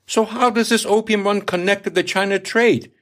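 A man's voice: sits high, fairly even intonation, normal speed, a bit bright, voice pushed up. A man reading aloud, voicing a curious sixteen-year-old male sailor who asks polite, eager questions. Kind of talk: audiobook reading.

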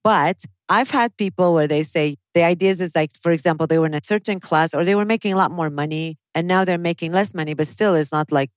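A woman psychologist hosting a casual chat, animated, often laughing and acting out what her clients say. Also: lowish voice, fast, hardly any pauses, dry recording, poor audio. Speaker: psychologist podcast host.

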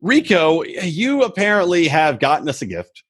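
Husky, animated male podcast co-host. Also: a little high, normal speed. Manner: joking, animated riffing. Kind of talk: casual podcast banter.

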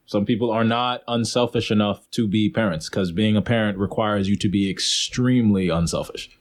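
A man's voice: fairly low pitch, moderate pace. A man co-hosting a casual podcast, telling stories with lots of laughter and acting out other people's voices. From Haitian family. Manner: animated storytelling, acts out voices, laughs often. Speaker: podcast co-host.

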